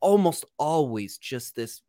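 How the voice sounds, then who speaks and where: A man's voice: a little high, very animated, slow, mellow, dry recording, clean studio sound. A man, a real estate coach and podcast guest, explaining his ideas boldly and emphatically. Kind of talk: podcast interview.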